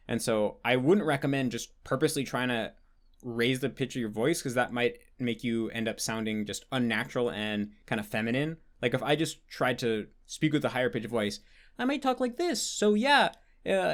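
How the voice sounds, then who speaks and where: Young male host, casual Q&A, rambling explainer, mid-pitched, lots of filler words. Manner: rambling, restarts with many likes, explanatory. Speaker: host answering patron questions. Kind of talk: casual Q&A monologue.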